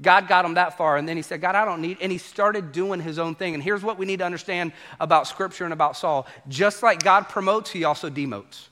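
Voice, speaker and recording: A man preaching a sermon to a congregation as pastor, animated and acting out quoted voices. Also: high voice, fairly quick, hardly any pauses.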